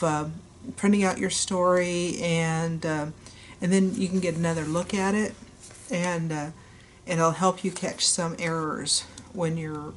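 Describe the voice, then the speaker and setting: A woman author, hoarse from a cold, casually explaining how she revises her writing, with a rambling delivery full of ums and uhs. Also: fairly low pitch, a little hiss or hum. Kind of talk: casual explanatory video talk.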